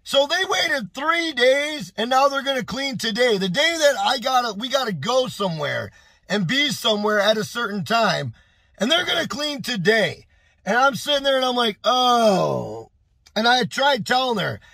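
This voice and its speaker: High-pitched animated male storyteller. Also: moderate pace, vocal fry, dry recording. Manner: animated, exclaiming, repeating phrases. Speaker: YouTube storyteller. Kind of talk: casual storytime monologue.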